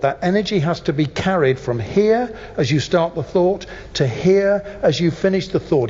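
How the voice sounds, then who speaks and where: A man teaching a workshop as a voice coach, speaking emphatically with deliberate pauses. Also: a little high, darkish tone, slight background noise. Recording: dull sound in a reverberant room.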